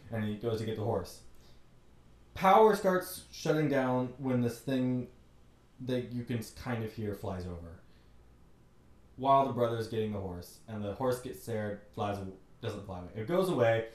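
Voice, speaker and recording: A man's voice: medium pitch, roomy sound, distant mic. A man giving an exasperated, joking recap of a bad movie, putting on mocking voices as he goes. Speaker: movie reviewer. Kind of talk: comedic movie rant.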